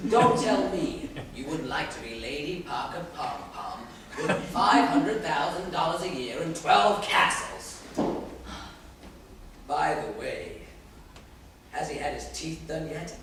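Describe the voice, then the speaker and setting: A man plays a sharp-tongued, teasing man in an armchair in a school stage play. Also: on the high side, lively intonation, measured pace. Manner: teasing and sardonic. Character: witty, acid-tongued man, confined to an armchair, bossy. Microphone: far camera in audience. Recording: echoey hall, far camera, noisy.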